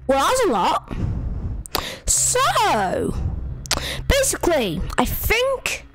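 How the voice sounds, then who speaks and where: Woman gamer, let's-play commentary, high lively voice, slow loud excitable talk. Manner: excitable, loud, jumps between shouting and muttering.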